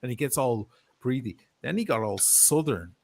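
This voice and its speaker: Low raspy guy talking movies casually, swears a lot, does quick impressions. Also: animated, darkish tone. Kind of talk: casual chat.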